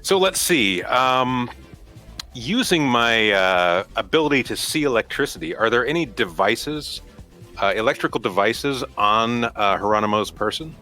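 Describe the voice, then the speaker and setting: A man playing in a tabletop game, his voice bright and forward, his pitch bouncing freely as he talks. He jokes his way through his turns, and faint music plays behind him. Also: expressive, measured pace. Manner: playful and jokey. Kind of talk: casual play at the table.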